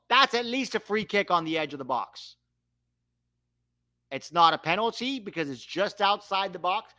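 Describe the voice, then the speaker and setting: A young man calling a match live for a watch-along, animated and quick to swear at the referee. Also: high voice, dry recording. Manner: animated, swears when riled, calls the play.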